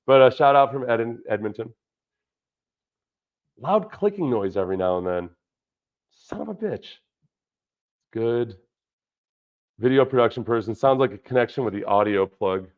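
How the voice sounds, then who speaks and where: Here an ex-footballer hosts a relaxed football stream, drifting between topics and reacting to chat messages. He has a mid-range, animated voice at a moderate pace, broken by long pauses. A studio dynamic mic and budget audio interface give dull, lo-fi sound with dropouts.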